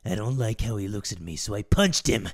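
A man voicing a frightened note writer in a horror game, reading in a low, measured way. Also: animated. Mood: uneasy.

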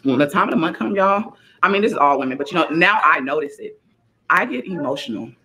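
Fast-talking low-voiced woman vlogger. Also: animated, sharp tone, poor audio. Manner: rambling, chatty, addresses viewers as y'all. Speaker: content creator and mom. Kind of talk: casual rambling vlog talk.

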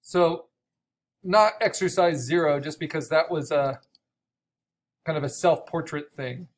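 A man teaching an online art course, explaining steps with frequent restarts and a voice gone raspy from coughing. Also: a little high, unhurried. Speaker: art instructor. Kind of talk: recorded online course lecture.

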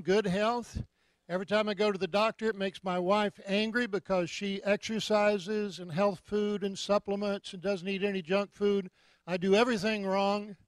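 A man in his seventies preaching a sermon, jovial and joking, breaking into loud shouts of praise. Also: high-pitched, dry recording. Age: 70s. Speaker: guest preacher.

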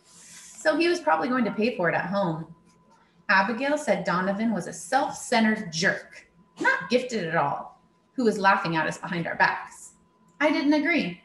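A woman's voice: medium pitch, slight background noise. A woman reading an audiobook chapter as scripted narration, wry and storytelling in manner. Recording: roomy echo.

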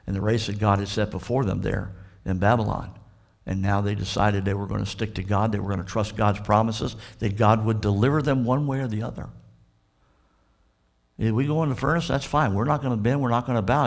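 Southern preacher acting out a Bible story. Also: male voice, fairly low pitch. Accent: Southern American. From Florida. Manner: animated storytelling preacher, acts out the characters' dialogue. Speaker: pastor. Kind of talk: sermon.

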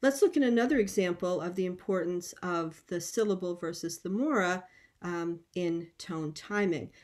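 A middle-aged woman lecturing on linguistics at an academic conference, explaining at a measured pace and often pausing on "um". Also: lowish voice, darkish tone. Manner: measured, explanatory, with frequent ums.

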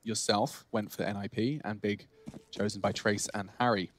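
A man commentating live esports play-by-play, chatty and excitable, lifting his voice on big plays. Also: on the low side, normal speed. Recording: clear background clicking noise.

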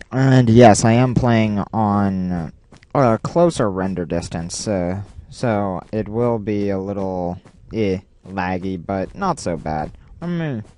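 A man's voice: low-pitched, slight background noise. A man giving casual, playful gameplay commentary, rambling and talking to himself as he plays. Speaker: let's play gamer. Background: loud game music.

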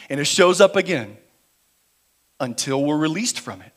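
A man preaching a sermon in a church, moving between quiet, slow emphasis and louder, driven passages. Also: fairly high pitch, animated. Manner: dynamic preaching, shifting between quiet emphasis and raised intensity. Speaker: pastor. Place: church sanctuary.

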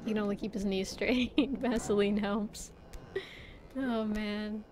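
A woman's voice: medium pitch, steady tone, slow, darkish tone, a little hiss or hum. A woman streamer chatting casually while playing a game, rambling with lots of fillers. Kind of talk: casual chat while gaming.

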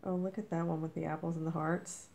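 A woman vlogger, a little under the weather, gushing as she opens mail, with a squeaky voice. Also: level tone, fast, gravelly, warm tone. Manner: gushing, effusive. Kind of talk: casual unboxing chat.

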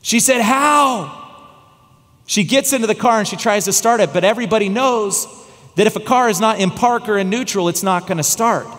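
A high-pitched man delivers a sermon from the pulpit, spinning a personal story with dramatic pauses. His voice slows and drops low for the tense parts. The sound carries the long reverb of a church sanctuary. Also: fairly bright tone. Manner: dramatic, slowing and dropping low for tense moments. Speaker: guest pastor.

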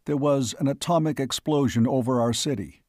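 A man's voice: mid-range voice, normal speed, a little mellow, no room sound, studio quality, natural voice. A man voicing a bewildered, incredulous present-day man questioning strangers from the stars. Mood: weary. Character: staggered male leader from present day.

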